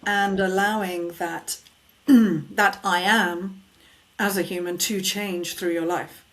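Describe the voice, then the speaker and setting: A woman, a vocal coach, talking in a podcast conversation, expressive and emphatic as she acts out questions people ask themselves. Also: medium pitch, slow. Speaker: vocal coach and sound healer.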